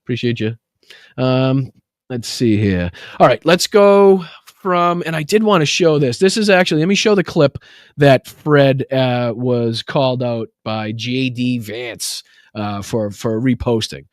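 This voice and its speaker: A man's voice: medium pitch, lively intonation, unhurried, no echo, clean studio sound. A man hosting a casual political livestream, rambling and narrating what he is doing on screen. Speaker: show host.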